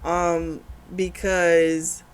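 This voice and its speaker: A young adult woman who hosts a book club, retelling a novel's plot in casual, animated chat. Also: lowish voice, extremely slow, clean tone. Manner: chatty, animated retelling with quoted dialogue and laughs.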